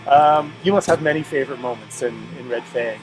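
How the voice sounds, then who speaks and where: A man's voice: mid-range voice, brisk, rough recording. A man interviewing a musician, chatty and openly enthusiastic like a fan. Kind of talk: casual interview chat. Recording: loud music in the background.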